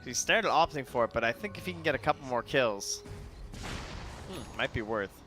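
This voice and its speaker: A man's voice: medium pitch, animated, moderate pace, music in the background. A man giving analytical esports commentary, thinking aloud about drafts and items.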